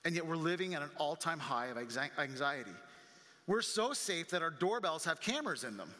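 A male pastor preaching a sermon, animated and full of rhetorical questions. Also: high voice. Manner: animated, acts out quoted voices, rhetorical questions. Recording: long reverb of a large hall.

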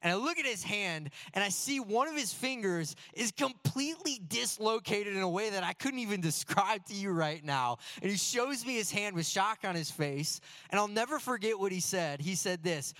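A man preaching a sermon as a pastor in a church sanctuary, telling stories earnestly and slowing down to stress key phrases. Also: high voice, expressive, bright, forceful tone. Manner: earnest storytelling with slow emphatic phrases. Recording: long hall reverb.

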